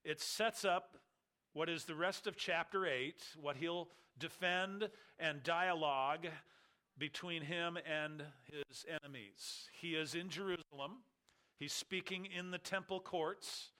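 A man's voice: fairly high pitch, pushed and bright. A man preaching an expository sermon in church, teaching with emphasis and repeating key words for weight. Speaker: pastor.

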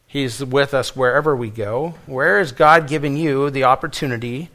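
Bright-voiced man preaching with emphatic repeats. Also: medium pitch, normal speed. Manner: earnest, emphatic, repeats key phrases; swings between loud stress and quiet, dropped phrase endings. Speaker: pastor. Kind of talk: sermon.

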